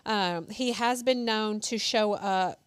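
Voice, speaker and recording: A woman's voice: medium pitch, slow pace, clear, resonant tone, dry recording. A woman in her thirties, co-hosting a crafting show, who chats casually and tells rambling family stories full of fillers while she sews. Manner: chatty storyteller with lots of fillers. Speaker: crafting channel co-host. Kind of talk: casual chat while sewing.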